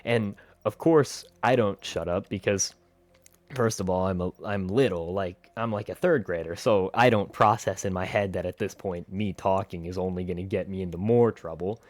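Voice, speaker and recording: A man telling a story from his school days in an animated, expressive vlog. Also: low-pitched, normal speed, dry recording. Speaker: vlogger.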